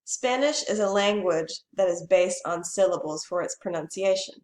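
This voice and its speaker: Clear-speaking woman teacher, echoey room. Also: lowish voice, darkish tone. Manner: reads each Spanish phrase and then gives the English, slow and clearly spoken. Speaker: Spanish teacher. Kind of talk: bilingual classroom lesson.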